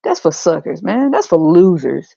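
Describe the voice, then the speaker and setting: A woman's voice: fairly low pitch, sing-song, moderate pace, vocal fry, mellow, dry recording, dull audio, full character voice. A woman voicing a brash, mocking male God who talks in blunt slang, in a comedic podcast skit. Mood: preachy mocking. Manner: swaggering slangy trash talk, teasing and blunt.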